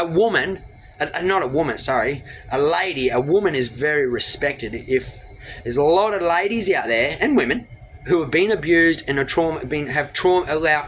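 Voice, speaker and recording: A man's voice: on the high side, fairly bright tone, slight background noise. A man giving a blunt, profane motivational rant straight into his phone camera. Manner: blunt, profane, rapid-fire lecturing. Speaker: motivational vlogger.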